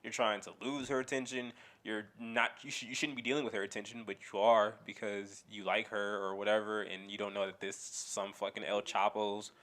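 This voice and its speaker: A man's voice: lowish voice, flat delivery, brisk, few pauses, a bit bright. Young man, podcast co-host, casual rambling chat, frequent swearing and laughs.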